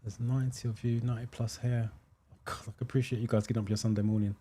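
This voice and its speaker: With a warm, slightly rough, medium-pitched voice, a British man talks fast and in a level tone while hosting a live driving theory stream. He chats casually, reads viewer comments, explains answers, thinks aloud with many ums, and thanks his viewers.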